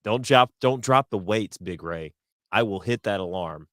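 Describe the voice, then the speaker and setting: Low-voiced, joking podcast co-host man. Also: moderate pace, no echo, studio quality. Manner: joking, deadpan, reads chat comments aloud. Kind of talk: casual crude banter. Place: podcast studio.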